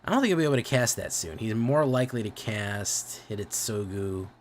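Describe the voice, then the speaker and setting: On the low side and brisk, with lively intonation and a little hiss or hum in the recording, this young Midwestern guy rambles through casual livestream chat while gaming. He swears a lot and keeps backing up to restart and fix what he's saying.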